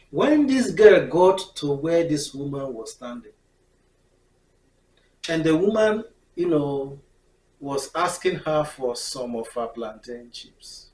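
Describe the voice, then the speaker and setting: Animated woman telling a story. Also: low-pitched. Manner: expressive, laughs often, acts out scenes. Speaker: storyteller vlogger. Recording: echoey room, mic far off.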